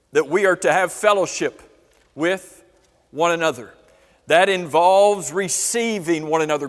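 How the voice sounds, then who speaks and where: A man's voice: fairly high pitch, fairly bright tone. Questioning man teaching in a reverberant hall. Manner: asks the class many questions. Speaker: Bible class teacher. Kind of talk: church Bible class teaching. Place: church classroom. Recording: long reverb of a church hall.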